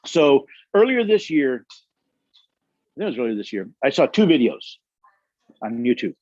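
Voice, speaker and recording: A man's voice: medium pitch, very animated, a little slow, a little mellow, no echo, muffled recording. A man leading a constitution study session, telling stories emphatically and acting out the quotes, with audience questions. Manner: emphatic storytelling, acts out quotes.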